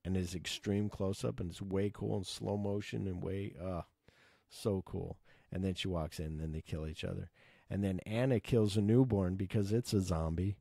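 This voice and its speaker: A man casually retelling his favorite film scenes, excited and swearing, acting out the characters' lines. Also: low-pitched, vocal fry, no echo, clean studio sound. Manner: enthusiastic, swears, acts out quotes. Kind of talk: casual movie recap.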